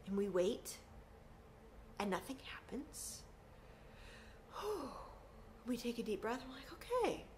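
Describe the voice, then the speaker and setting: A woman performing a personal story, acting out the voices of the people in it. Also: a little hiss or hum. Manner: animated, acts out quotes with big pitch swings.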